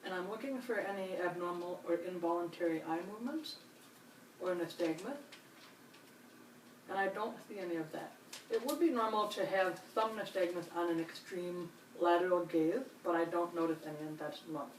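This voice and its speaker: A calm nurse examiner with a fairly low voice walks a patient through an exam at a moderate pace, giving step-by-step instructions and frequent reassurance in a clinical demonstration. The recording is roomy, with a distant mic and faint hiss.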